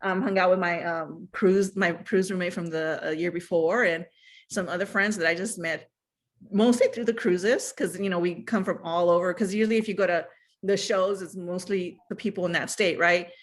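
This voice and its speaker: A woman telling a personal story in casual chat, animated, acting out what others said, with many fillers. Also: on the low side, moderate pace. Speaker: guest.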